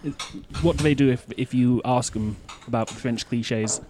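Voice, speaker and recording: A man from the west coast of Scotland with a soft Scottish accent, hosting an interview and asking curious follow-up questions. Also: medium pitch, steady tone, moderate pace, a little hiss or hum. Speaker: host.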